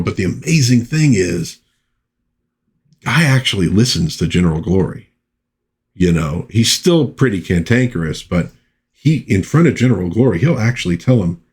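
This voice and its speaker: A man's voice: on the low side, animated, moderate pace, long pauses. A man casually recapping an old comic book issue, chatting about the plot with his own asides.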